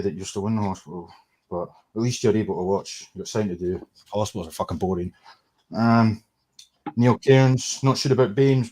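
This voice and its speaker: A man's voice: on the low side, warm tone. A Scottish man hosting a casual livestream, ranting sarcastically and swearing freely. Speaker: livestream host.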